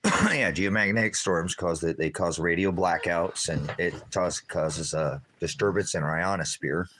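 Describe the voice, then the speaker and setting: A man's voice: low voice, moderate pace, a bit bright, a little hiss or hum. A man in a casual outdoor vlog, rambling as he walks through his garden and talks baby-talk to his cats. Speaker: ministry vlogger.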